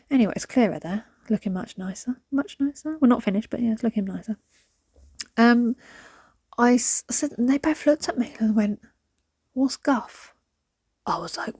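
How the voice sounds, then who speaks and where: A woman chatting casually to the camera while she declutters, rambling and sometimes dropping to a soft whisper. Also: mid-range voice, husky, dry recording, clean studio sound. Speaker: vlogger.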